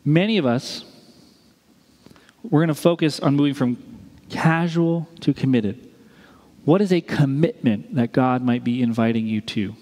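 A male pastor preaching a sermon in a lively way, with joking asides and acted-out quotes. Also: medium pitch. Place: church sanctuary. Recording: long reverb of a large church hall.

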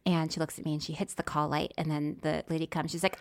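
A woman co-hosting a podcast, telling a story in a casual, animated way and acting out what people said. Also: sits low, quick pace. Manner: animated, acts out voices, laughs often. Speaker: podcast co-host.

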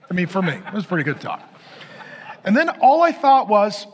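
A man's voice: high voice, very animated, brisk, husky. A middle-aged male pastor preaching, telling a candid, self-mocking story about his marriage to the congregation. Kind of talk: sermon.

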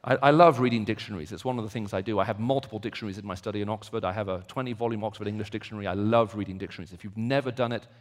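A man preaching a sermon, moving from quiet reflection to loud, emphatic repetition. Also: on the low side, racing, few pauses, in a large hall.

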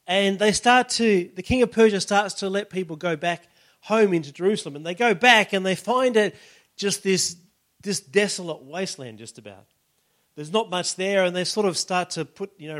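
A man preaching a sermon in a relaxed, conversational way, with many "you know" and "all right" asides. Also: sits high. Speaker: pastor.

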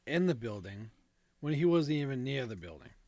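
A man in a relaxed podcast chat, reading ghost stories off his notes and dropping in fillers and little asides. His pitch sits in the middle, and the sound is dry and close, with no room around it. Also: normal speed, no echo. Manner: laid-back, reads notes with fillers and asides. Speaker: podcast co-host.

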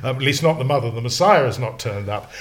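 Talking fast in a mid-range voice, a man who compiles slang dictionaries chats on a casual podcast. He's lively and wanders off on tangents, often restarting his sentences.

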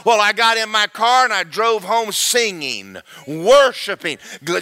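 Male preacher, sermon storytelling, high bright voice, quick and animated. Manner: fast, animated, rising to shouting praise.

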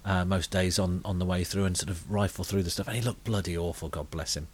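A middle-aged British man on a comedy podcast, telling deadpan, rambling anecdotes full of fillers. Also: deep voice, quick pace, slightly rough. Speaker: podcast co-host telling comic stories.

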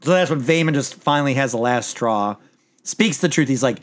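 A man's voice: mid-range voice, expressive, a little fast. A man chatting casually as a podcast host, rambling through a TV episode recap with lots of restarts and the odd swear word.

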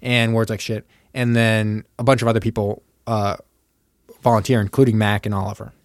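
A man's voice: fairly low pitch, flat delivery, normal speed, no echo, clean studio sound. A man co-hosting a casual podcast, retelling a film plot and acting out the characters' lines. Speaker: podcast co-host. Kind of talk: casual movie recap chat.

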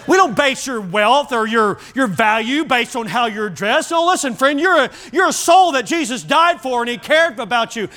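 A middle-aged man preaching a sermon to his church, telling animated stories and often repeating words as he starts a line. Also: very high-pitched, normal speed, few pauses. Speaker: pastor.

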